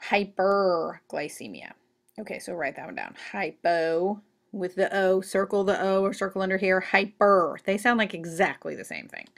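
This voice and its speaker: A woman teacher giving a recorded classroom lecture in an animated, joking way, full of asides. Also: medium pitch, normal speed, gravelly.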